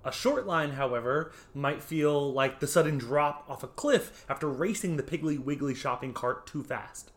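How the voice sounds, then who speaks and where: A man's voice: on the high side, normal speed, few pauses. A man teaching a lesson on poetry, explaining patiently in a conversational way, with frequent ums and small restarts. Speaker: poetry instructor. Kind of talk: conversational lecture.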